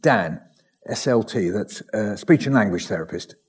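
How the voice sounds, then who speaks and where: A man reading letters aloud from a hospital diary, in a measured way, adding wry asides and the odd soft laugh. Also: fairly low pitch, expressive, husky. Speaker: recovered patient reading his ICU diary.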